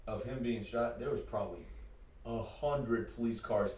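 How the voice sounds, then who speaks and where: A man's voice: mid-range voice, fairly even intonation, moderate pace, a little mellow, a little hiss or hum. A man hosting a podcast, chatting casually and animatedly, with many "like"s and repeated words. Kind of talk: casual chat. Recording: roomy sound from a distance.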